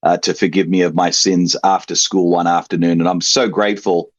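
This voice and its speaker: Guest spot: Australian man, accent drifting American, low voice, relaxed storyteller, dry and muffled call audio. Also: a little fast, no echo. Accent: Australian, softened toward American. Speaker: interview guest. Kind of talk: casual interview over a video call. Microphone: video call.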